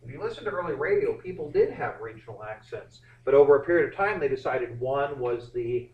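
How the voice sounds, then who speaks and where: A man teaching a history class, lecturing in a rambling, animated way with many fillers and restarts. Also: mid-range voice, fairly quick, lo-fi sound. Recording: echoey classroom from far off.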